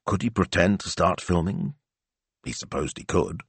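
A man reading a novel aloud as an audiobook narrator, telling it in measured storytelling. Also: low voice, creaky, slightly rough, dry recording. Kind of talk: scripted narration.

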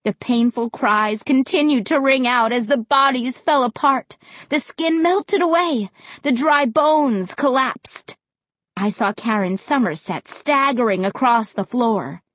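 A woman's voice: a little slow, a bit bright, no echo. A woman narrating a spooky children's novel aloud, acting out the characters' lines with dramatic energy. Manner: dramatic, voices characters with big pitch jumps. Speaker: audiobook narrator. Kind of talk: expressive audiobook narration.

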